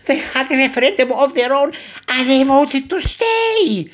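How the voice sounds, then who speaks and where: A man's voice: very high-pitched, sing-song, unhurried, fairly bright tone. An older man from Cyprus, a barber, chatting in a rambling monologue and chuckling often. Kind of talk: casual monologue.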